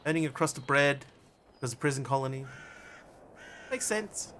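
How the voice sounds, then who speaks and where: A man plays a game on a live stream, rambling and joking casually with his viewers as he goes. His medium-pitched voice is fairly bright with lively intonation at a moderate pace, and there's a little hiss or hum.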